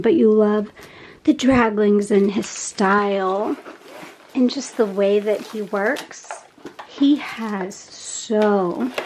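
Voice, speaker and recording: A woman chatting casually as she unboxes craft kits, gushing with soft laughs. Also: mid-range voice, a little hiss or hum, poor audio. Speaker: unboxing vlogger.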